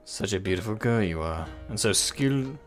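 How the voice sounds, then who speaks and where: A man voicing a creepy, possessive noble lord in a game, speaking low, hushed and menacing. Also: animated, normal speed, soft background music, natural voice. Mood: leering.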